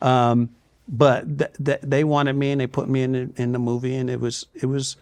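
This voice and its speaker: An older man as an interview guest, speaking in a relaxed, halting way, often repeating words and dropping into hushed asides when he quotes himself. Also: mid-range voice.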